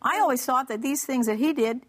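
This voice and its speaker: A woman guest speaker on a Christian broadcast gives a humorous personal testimony, telling it in a lively way, acting out the dialogue and laughing as she goes. Her voice sits high and moves fairly quickly.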